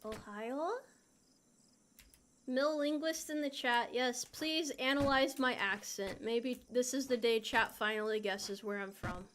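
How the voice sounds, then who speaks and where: Speaking at a measured pace in a fairly high, bright voice, this young woman plays a game on stream as a VTuber. She's playful and casual, reading her chat aloud and replying, with slight background noise present.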